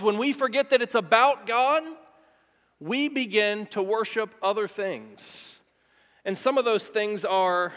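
A man's voice: high-pitched, fairly bright tone, long reverb tail. A male pastor giving a heartfelt sermon, speaking earnestly and repeating phrases for emphasis.

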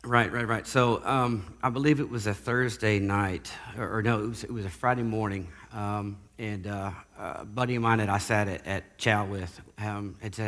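A man giving a casual spoken testimony, halting and often repeating words as he goes. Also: on the low side, fairly bright tone, big-room sound. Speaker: guest sharing recovery testimony.

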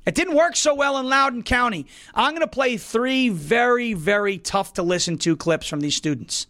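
A man's voice: sits high, sharp tone. A man hosting an opinion show, delivering indignant, emphatic commentary. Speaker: political commentary host.

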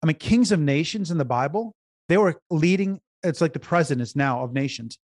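An earnest male business consultant tells client stories on a podcast, often repeating words as he finds his way. His voice sits a little high for a man. The recording is close and dry with no room sound. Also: animated, a little fast, darkish tone, no room sound. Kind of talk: conversational storytelling interview.

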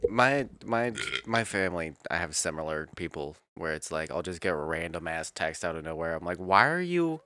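A man's voice: rumbling low, steady tone, fairly quick, few pauses, sharp tone, dry recording, clean studio sound. A man chatting casually with a friend on a stream, swearing and joking. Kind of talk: casual chat.

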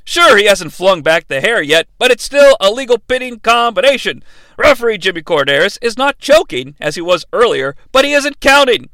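A man's voice: high-pitched, big pitch swings, moderate pace, pushed and bright, no room sound. A man hosting a podcast, giving a comedic play-by-play recap with sarcastic, profane asides. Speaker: podcast host recapping a wrestling event.

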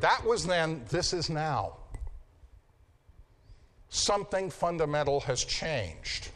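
A man's voice: on the high side, a bit bright. A man lecturing a Bible class, repeating key phrases for emphasis and checking in with his students. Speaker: Bible teacher.

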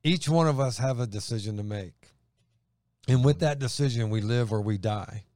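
A man co-hosting a faith show, reading scripture and preaching earnestly, slowing down to stress his points. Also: mid-range voice, dark tone, no echo, clean studio sound. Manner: earnest, slows down for emphasis.

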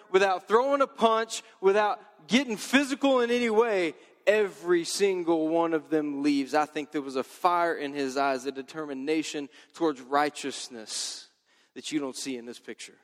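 High-voiced guy preaching, jokey and loose, big echoey hall. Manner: casual, joking, lively. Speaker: pastor. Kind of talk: sermon.

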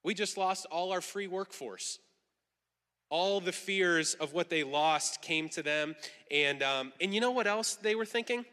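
Animated preaching man, bright voice, echoing hall. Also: high-pitched, a little slow, clear, resonant tone. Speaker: pastor. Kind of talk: sermon.

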